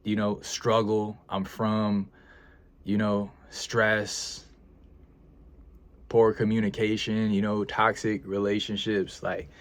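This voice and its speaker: A man's voice: fairly low pitch, flat delivery, slow pace. A young man talking casually and earnestly to his viewers, emotional and reflective, with frequent sighs, hesitations and repeated phrases. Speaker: freelance video editor vlogger. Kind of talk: reflective casual vlog talk.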